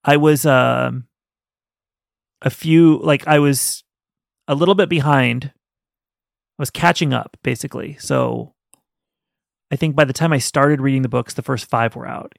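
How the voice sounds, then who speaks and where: A man's voice: mid-range voice, a little slow, vocal fry, pauses often, dry recording, clean studio sound. A man co-hosting a podcast, chatting animatedly and rambling about a book, laughing often. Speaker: podcast co-host. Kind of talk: casual book-review chat.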